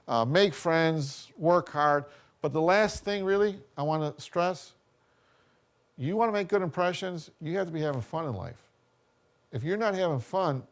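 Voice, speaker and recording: A man's voice: mid-range voice, gravelly. A man giving a college workshop talk, chatty and full of anecdotes, often checking in with "you know" and "okay?". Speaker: workshop speaker.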